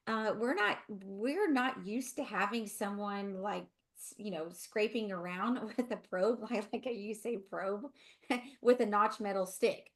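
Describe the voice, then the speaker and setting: A woman's voice: a little high, normal speed. Chatty Southern woman telling a story. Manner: chatty, laughing, rambling asides. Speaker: co-host, dental hygienist. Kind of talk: casual webinar storytelling.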